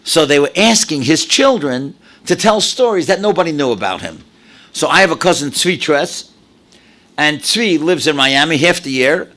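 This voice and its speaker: A man in his seventies from New York, a rabbi telling stories in a dramatic, animated lecture. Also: on the high side, moderate pace. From New York, USA. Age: 70s. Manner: animated, dramatic storyteller with sudden drops and exclamations. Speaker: rabbi, speaker. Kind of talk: storytelling lecture to an audience.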